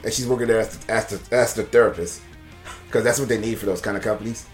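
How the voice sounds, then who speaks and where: A man's voice: fairly low pitch, quick pace, soft background music. A man casually recapping a movie on a podcast, rambling, laughing often and swearing freely. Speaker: podcast co-host reviewing a movie. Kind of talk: casual chat.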